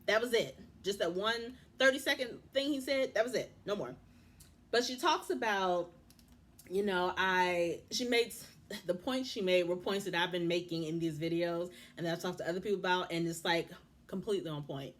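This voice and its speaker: A woman in her thirties giving a casual TV recap, animated and indignant, talking straight to the people on the show. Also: on the low side, moderate pace. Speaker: TV recap vlogger.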